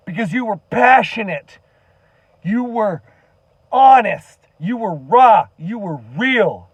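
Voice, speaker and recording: A man's voice: sits high, no room sound. A man giving an earnest, impassioned monologue to camera as a commentary vlogger, emphatic and swearing now and then.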